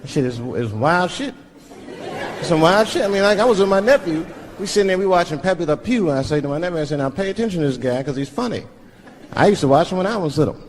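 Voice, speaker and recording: A male stand-up comedian telling a profane story, animated, acting out voices of the people in it. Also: sits high, fast talker, a faint crowd. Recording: live show with audience laughter and noise.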